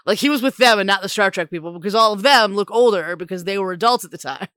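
A woman with a bright voice telling a story on a podcast. She stops and starts often and fills the gaps with ums, likes and giggles. The sound is close and dry. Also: medium pitch, quick pace, no room sound. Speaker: podcast co-host. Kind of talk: casual chat.

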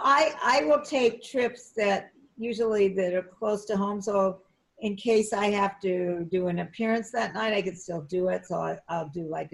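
A middle-aged woman telling lively anecdotes in an interview, jumping up in pitch as she acts out what people said. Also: gravelly. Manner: animated, acts out quotes in a high excited voice, frequent restarts. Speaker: actress and flight attendant, interview guest. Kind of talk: conversational storytelling.

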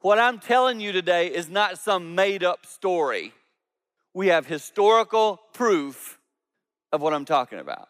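A man, a lead pastor, preaching a sermon with animated storytelling, jumping between loud emphatic peaks and quiet low asides. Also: a little slow, big-room sound.

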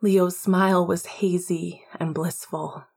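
A woman narrating an audiobook in a hushed, intimate way, often half-whispering. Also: lowish voice, level tone, slow, gravelly, slightly rough.

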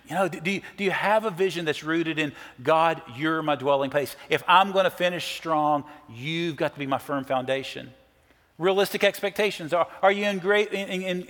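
A man's voice: on the high side, fairly bright tone, big-room sound. A middle-aged man preaching a sermon as a pastor, telling stories in an earnest way and quoting others. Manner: earnest storytelling with quoted voices.

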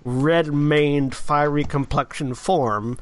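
A man running a tabletop game as game master, describing scenes in an unhurried, descriptive way. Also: a little high, fairly even intonation.

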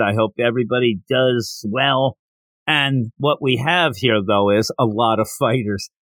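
A man hosting a podcast, casually recapping a manga chapter and acting out the characters' lines in quick voices. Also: mid-range voice, dry recording. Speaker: podcast host.

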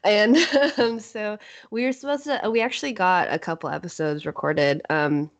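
Female podcast guest, chatty and rambling, slightly low voice. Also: big pitch swings, moderate pace. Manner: rambling, full of fillers, laughs often. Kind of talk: casual roundtable chat.

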